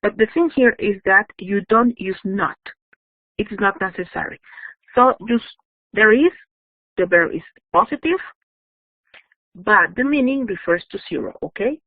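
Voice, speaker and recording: A woman's voice: medium pitch, animated, unhurried, long pauses, dry recording. A woman teaching an online grammar lesson. She checks in often with "yes?" and "okay?", and she is patient with her students. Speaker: English teacher. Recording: dry, phone-like narrow sound.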